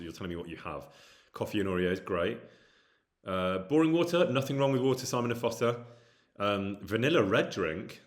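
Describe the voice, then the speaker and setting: A man from near Birmingham with a Brummie accent, casually chatting with his livestream viewers and reading out their comments in a self-deprecating way. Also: sits low. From English Midlands, near Birmingham. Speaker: livestream host. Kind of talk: casual chat with stream viewers.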